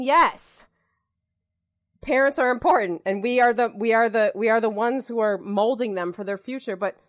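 A woman chatting casually, talking in an earnest and reassuring way with lots of fillers. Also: a little high. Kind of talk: casual chat.

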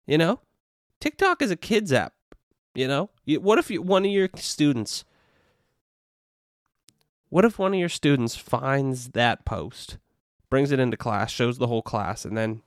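A man's voice: medium pitch, sing-song, a little slow, pauses often, no room sound, clean studio sound. A young adult man hosting a casual solo podcast, rambling and profane with constant "you know" and "dude" fillers. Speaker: podcast host.

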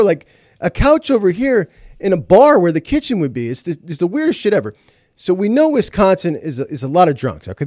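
A man's voice: fairly high pitch, warm tone, dry recording, clean studio sound. A middle-aged man from Ohio, hosting a show and giving fired-up, opinionated commentary with frequent swearing. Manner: emphatic, ranting, swears freely. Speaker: podcast host.

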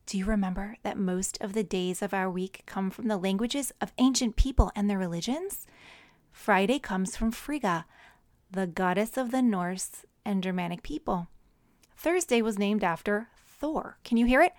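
A woman narrating a children's story and teaching syllables in a gentle, teacherly way. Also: medium pitch, moderate pace, dry recording.

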